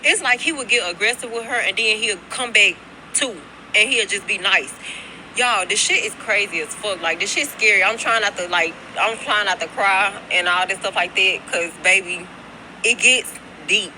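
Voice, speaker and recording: A young woman on break at work tells her phone a story in a mid-range voice at a moderate pace, her tone bright and forceful. The rough recording has a little hiss or hum, and her chat is rambling and profane, constantly calling viewers "y'all."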